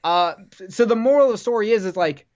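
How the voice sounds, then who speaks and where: A man's voice: high voice, a little fast. A man on a podcast telling long casual stories, swearing freely and rambling. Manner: rambling, profane, animated storyteller. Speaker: podcast guest. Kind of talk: casual storytelling chat. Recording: dull lo-fi podcast audio.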